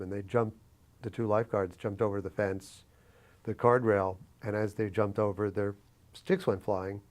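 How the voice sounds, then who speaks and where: Man from New York City, slightly low voice, interviewee telling an anecdote, reflective, animated, lots of fillers. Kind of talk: oral history storytelling.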